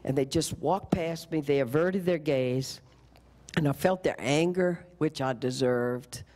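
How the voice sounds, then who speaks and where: An older woman giving a storytelling lecture at a college, animated, slipping into the voices of the people in her story. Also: low-pitched, measured pace. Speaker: keynote speaker.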